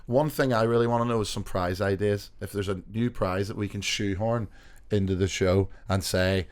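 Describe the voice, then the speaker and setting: A man's voice: lowish voice, fairly even intonation, normal speed. A man hosting a podcast in casual banter, chatty and teasing, often laughing. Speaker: podcast host.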